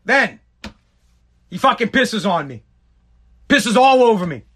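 A man's voice: sits high, sing-song, unhurried, a bit bright. A middle-aged man telling a personal story in a rambling, emphatic way, full of swearing. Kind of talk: casual storytelling monologue.

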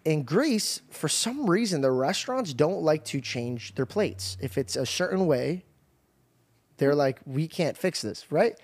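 A young man hosting a podcast, telling a story in lively casual chat, often laughing and restarting sentences. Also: fairly high pitch, unhurried, husky. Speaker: podcast host.

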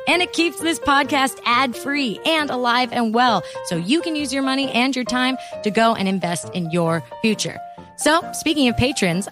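A woman hosting a podcast, interviewing a guest in an upbeat, encouraging, casual way. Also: fairly high pitch. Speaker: podcast host.

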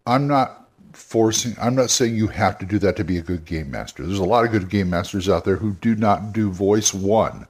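A man's voice: fairly low pitch, slightly rough. An older man hosting a solo podcast, giving casual, rambling advice and often restarting his sentences. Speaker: podcast host.

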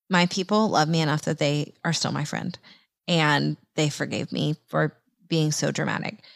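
A woman in her thirties hosting a faith podcast, telling a personal story in an animated way and acting out her own past voice. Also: vocal fry, no echo, clean studio sound. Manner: animated, acts out her own quoted voice in higher pitch. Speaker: podcast host.

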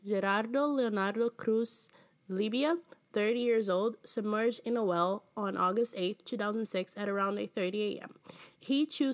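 A woman co-hosting a true crime podcast, chatting bluntly with sarcastic asides and casual swearing, then reading case details. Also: mid-range voice.

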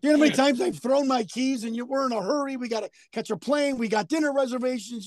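High-pitched, excitable man storyteller. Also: fast, no echo. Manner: emphatic, excitable, repeats himself. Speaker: podcast guest. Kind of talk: casual chat and storytelling.

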